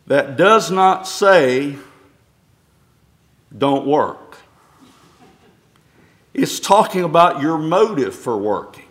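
Slow, higher-voiced male preacher. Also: very animated, a bit bright. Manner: preaching with rising emphasis, reading scripture aloud. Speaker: pastor. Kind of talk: sermon.

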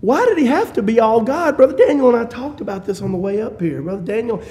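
A male preacher with a high-set voice delivers a fervent sermon in a church. He swings from shouted peaks down to low, hushed asides, and he chuckles and drops folksy humor between his points. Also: lively intonation, quick pace, soft background music.

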